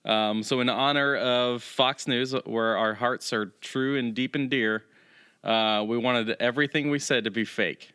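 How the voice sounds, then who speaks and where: A man's voice: medium pitch, steady tone, measured pace, bright, forceful tone, clear, resonant tone, no room sound, clean studio sound. A man co-hosting a podcast, speaking in casual, jokey banter and rambling with many ums. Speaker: podcast co-host.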